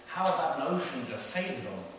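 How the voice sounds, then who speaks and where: A man's voice: medium pitch, very animated, brisk, a bit bright. A man voicing a greedy, boastful male hunter who thinks he is funny. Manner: boastful, gruff. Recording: echoey hall from far off, noisy.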